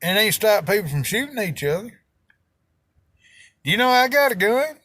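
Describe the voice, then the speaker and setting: A man's voice: high-pitched, very animated, normal speed, sharp tone, no echo. A middle-aged man with a Southern American accent ranting in a folksy, heated way, full of rural slang. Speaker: video host. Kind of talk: opinion rant to camera.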